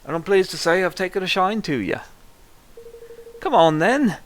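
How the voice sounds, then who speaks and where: A man voicing a cheery, kindly older woman in a high, sing-song, fussing voice. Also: animated, normal speed.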